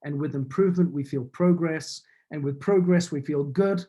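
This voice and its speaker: A man's voice: on the high side, moderate pace, dark tone. A man with a New Zealand accent giving a motivational business talk over a video call, building his points in earnest, repeating phrases. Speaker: business speaker.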